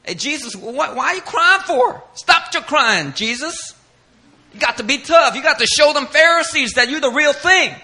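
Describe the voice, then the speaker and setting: Guy doing a bossy heckler voice, high and sharp, mocking. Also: expressive, moderate pace, exaggerated voice. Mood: scolding. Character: pushy male onlooker scolding Jesus to toughen up.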